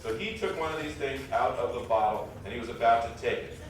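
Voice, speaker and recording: A man telling a jokey, animated story to a school audience, acting out characters. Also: mid-range voice, fast. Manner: playful, jokey, acts out characters with sudden shifts. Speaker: visiting author telling a story to students. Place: school auditorium. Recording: echoey hall, distant, noisy crowd. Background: loud laughing crowd of children.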